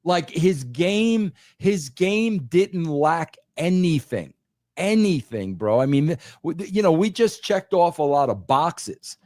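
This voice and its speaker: A man's voice: a little high, lively intonation, slow pace, darkish tone, no room sound, clean studio sound. An older man in casual podcast chat, talking emphatically and saying "bro" often with many restarts. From New York. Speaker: podcast guest, former wrestling writer.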